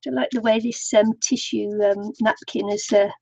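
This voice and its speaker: A woman's voice: medium pitch, steady tone, moderate pace, gravelly, darkish tone, slightly rough, no room sound. An older woman chatting casually to viewers on a craft live stream, laughing often. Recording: dull lo-fi home recording.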